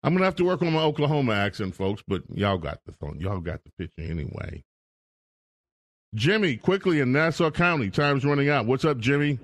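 A man's voice: mid-range voice, very animated, brisk. Upbeat male radio talk host. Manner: upbeat, playful announcer patter. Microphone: studio microphone.

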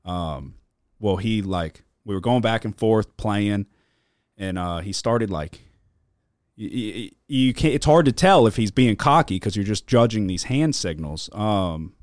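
In a casual podcast conversation, the male host rambles through stories laced with heavy swearing and lots of filler. He speaks at a measured pace with a fairly low, animated voice, and the studio-quality recording has no echo.

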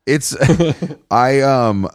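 A man co-hosting a podcast, chatting casually in an animated, gossipy way and laughing often. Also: mid-range voice, dry recording, studio quality. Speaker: podcast co-host. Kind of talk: casual chat. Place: New York.

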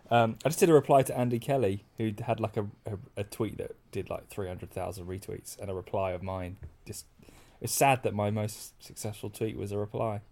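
A man's voice: lowish voice, normal speed, a little mellow. A man in casual chat, hesitant and self-deprecating, often laughing.

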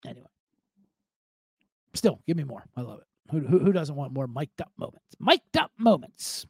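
A man's voice: mid-range voice, lively intonation, normal speed, gravelly, dark tone, slightly rough, no room sound. A man hosting a podcast from home, talking in a casual solo monologue with profane, jokey, rambling asides. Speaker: podcast host.

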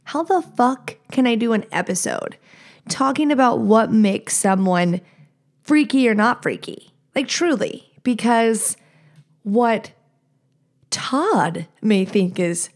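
A woman's voice: on the high side, takes it slowly. A woman in her thirties hosting a solo podcast, telling stories in a candid, profane, chatty way. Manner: candid and profane, animated asides. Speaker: podcast host. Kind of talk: casual solo podcast storytelling.

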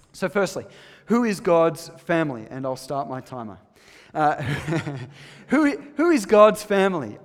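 Male preacher, emphatic with soft asides, slightly high, long church-hall echo. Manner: emphatic, shifts between loud stresses and soft, low asides. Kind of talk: sermon.

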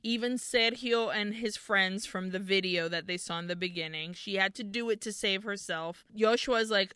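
A woman's voice: medium pitch, unhurried, few pauses, bright, forceful tone, smooth, dry recording, clean studio sound. A woman co-hosting a podcast, casually retelling a horror movie's plot, swearing freely and acting out the characters' lines. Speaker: podcast co-host.

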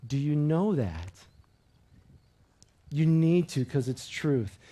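Male pastor, sermon, slightly high voice, earnest call-and-response preaching, loud to hushed. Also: expressive, slow. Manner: earnest, repeats key phrases and leads the congregation in call-and-response; swings between loud emphatic preaching and quiet intimate appeals.

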